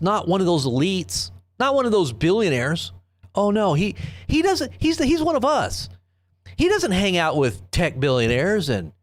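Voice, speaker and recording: A middle-aged man hosts a live news commentary stream, rambling and sarcastic. His fairly high voice swings widely in pitch as he mocks the quotes he reads out. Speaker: host of an online news commentary show.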